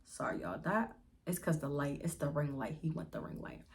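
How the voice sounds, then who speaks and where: A woman's voice: sits low, moderate pace. Chatty young woman telling a storytime. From Pittsburgh area, US. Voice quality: lively, swears freely, addresses viewers as y'all. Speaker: vlogger. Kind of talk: casual storytime.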